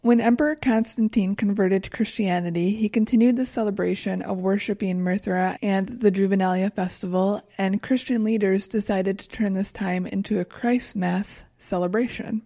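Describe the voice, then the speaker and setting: A young woman co-hosting a casual podcast chat, calmly presenting researched facts with dry humor. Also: mid-range voice, moderate pace, few pauses, no echo. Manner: calm, matter-of-fact, dry humor.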